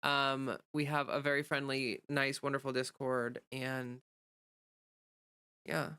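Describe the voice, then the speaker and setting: A woman hosts a casual livestream, with a bright and crisp voice. She rambles through fillers and restarts, greets viewers and reads out their comments. The room sound is dry and close. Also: very deep voice, flat delivery, takes it slowly, no echo. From United States. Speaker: livestream host.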